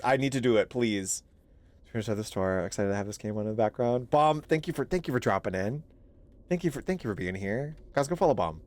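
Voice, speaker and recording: Lively, laughing male game streamer. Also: mid-range voice, dry recording. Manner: animated, laughs often, swears, thanks chat. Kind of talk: casual live gameplay commentary.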